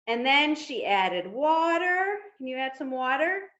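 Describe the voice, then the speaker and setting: Slow, gentle woman telling a toddler story. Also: high-pitched, big pitch swings, muffled recording. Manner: gentle, coaxing, asks children to join in. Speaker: children's storyteller.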